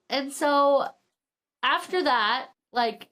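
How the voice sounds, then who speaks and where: A woman's voice: fairly high pitch, moderate pace. A woman co-hosting a podcast, casually retelling a novel's plot, acting out characters' lines and using "like" a lot. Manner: swears casually. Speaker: podcast co-host. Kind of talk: casual book chat.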